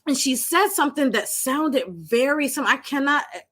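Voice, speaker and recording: A woman with a high voice speaks at a moderate pace while co-hosting a podcast. She's a mental health professional sharing a personal story in casual chat, animatedly acting out the voices of the people involved.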